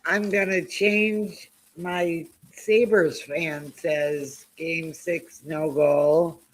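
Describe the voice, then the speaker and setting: A woman's voice: sits low, fairly even intonation, very slow, rough recording. A woman co-hosting a podcast who reacts with giggles and chats with the others. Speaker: podcast co-host. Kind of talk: casual chat.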